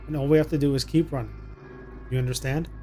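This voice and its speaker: Man voicing a scared young mother, hushed. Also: mid-range voice, fairly even intonation, fast talker, faint music behind, close to an everyday voice. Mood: urgent, tender. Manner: hushed and soothing, coaxing a child. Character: frightened young mother protecting her son. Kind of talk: reading game dialogue aloud.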